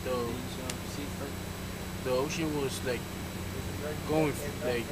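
A man's voice: fairly even intonation, slow pace, very noisy. A young man joking with friends outdoors, telling a story with lots of laughing and mimicking. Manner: laughing, mimicking screams in a high voice. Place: outdoors in a village with a group. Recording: loud crowd of friends around. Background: friends talking and laughing.

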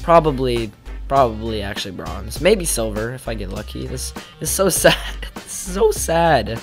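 A man's voice: mid-range voice, a bit bright. A young man chatting casually over his gameplay at a home desk mic, rambling and mocking himself with sudden exclamations. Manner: self-deprecating, rambling, jumpy exclamations. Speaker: gaming YouTuber. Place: home gaming setup. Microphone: desk mic with pop filter.

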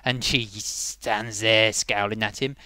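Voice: medium pitch, steady tone, takes it slowly, bright, forceful tone, no echo. A comic film reviewer from Britain who talks scornfully and rambles, tying himself in verbal knots between asides.

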